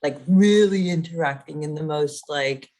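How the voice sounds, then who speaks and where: A woman's voice: deep voice, moderate pace, warm tone. A young adult woman co-hosting a podcast, chatting candidly with frequent fillers. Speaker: podcast co-host. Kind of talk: casual chat.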